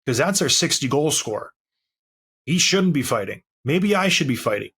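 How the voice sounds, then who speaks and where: A man's voice: fairly high pitch, sing-song, moderate pace, fairly bright tone, husky. A man co-hosting a sports podcast, telling stories in an emphatic, fired-up way during casual chat. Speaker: podcast co-host.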